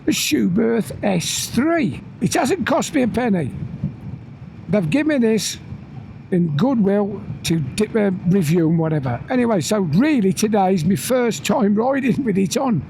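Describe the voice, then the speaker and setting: A man's voice: high-pitched, expressive, measured pace, creaky, background noise. A man vlogging from his motorbike, chatting and telling a story and acting out the voices in it. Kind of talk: casual chat while riding. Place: on a motorbike outdoors.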